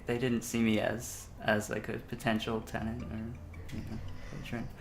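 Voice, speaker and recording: A man's voice: fairly low pitch, monotone, normal speed, creaky, noisy background. A man rambling in a mockumentary interview, filling his talk with "you know".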